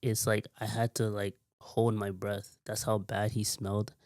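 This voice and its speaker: A man telling a long, rambling story in a casual vlog, repeating himself and filling pauses with "like". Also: fairly low pitch, little pitch movement, a little mellow, dry recording, studio quality. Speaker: vlogger.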